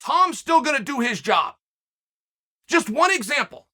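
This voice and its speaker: A man's voice: very high-pitched, very animated, fairly quick, sharp tone. A man hosting his own commentary show, talking emphatically and firing rhetorical challenges at the audience. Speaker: commentator host. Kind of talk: animated solo commentary rant.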